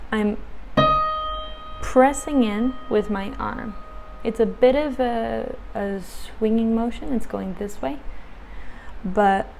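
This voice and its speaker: A woman teaching piano and explaining patiently in a clear instructional tone. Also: medium pitch. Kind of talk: instructional tutorial.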